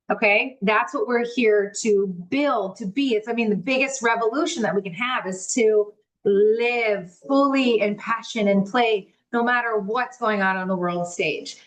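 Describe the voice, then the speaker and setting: A woman's voice: a little high, rough recording. A woman giving a candid spiritual talk on a live stream, swearing freely and acting out her inner thoughts, later reading aloud from a book. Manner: reads aloud from a book slowly.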